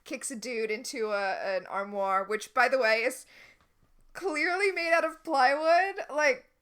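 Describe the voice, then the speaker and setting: A woman's voice: sits high, a bit bright, smooth. A woman co-hosting a podcast, recapping a TV episode in casual chat with wry, critical asides. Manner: chatty, wry and quick to critique. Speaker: podcast co-host.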